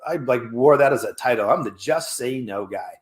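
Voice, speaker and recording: A man hosting a fitness show, giving coaching tips in a casual, animated way and acting out little exchanges in a higher voice. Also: normal speed, roomy sound. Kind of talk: motivational casual talk.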